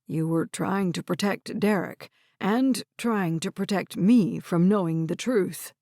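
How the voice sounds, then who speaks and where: A woman's voice: mid-range voice, slow, dark tone, no room sound, clean studio sound. A woman voicing a frail, kindly old grandfather with a quavering, hesitant voice in an audiobook. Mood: hurt.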